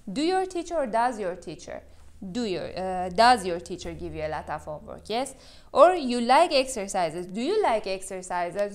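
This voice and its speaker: A woman teaching an English grammar lesson on video, speaking non-native English with many "uh" fillers and a checking "yes?" after points. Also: on the high side.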